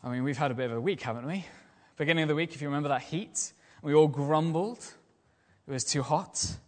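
Guy preaching a sermon, lively and questioning, long church reverb. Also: a little high, fairly quick. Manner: lively, rhetorical questions and repetition. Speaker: lay preacher.

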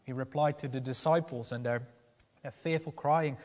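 A man's voice: mid-range voice, steady tone, moderate pace, darkish tone, big-room sound. A man preaching a sermon in an earnest, questioning way, often restarting his sentences.

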